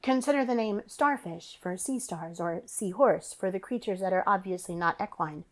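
Storybook android man, smooth and formal, a woman reading him. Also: mid-range voice, moderate pace, natural voice. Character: polite male synthetic officer, precise and formal.

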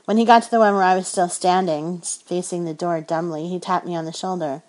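A woman narrating a first-person romance audiobook in a soft, intimate storytelling manner. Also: fairly low pitch, moderate pace, rough recording.

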